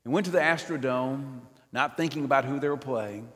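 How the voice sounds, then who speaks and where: An older man delivers a sermon in a church nave, his voice trailing off in a long hall reverb. He swings between loud, emphatic lines and hushed, almost whispered ones, with a mid-pitched voice. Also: brisk. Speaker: preacher.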